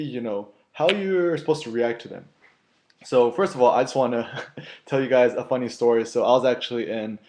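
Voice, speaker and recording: A young man, a street photography blogger, casually telling a story to his viewers and filling his talk with "you know" and "like". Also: medium pitch. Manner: chatty, filler-heavy, animated when quoting others.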